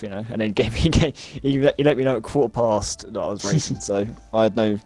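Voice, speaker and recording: A man interviewed as a racing driver after a race, relaxed and modest as he chats about his result. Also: mid-range voice, fast, hardly any pauses, soft background music. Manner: relaxed and modest, chatty storytelling. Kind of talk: casual post-race interview.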